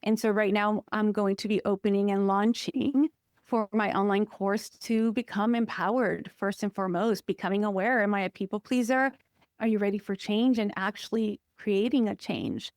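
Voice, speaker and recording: A woman counselor, a guest on an interview podcast, telling personal stories in an expressive, emphatic way. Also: medium pitch, normal speed, no echo, clean studio sound. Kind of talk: personal conversational interview talk.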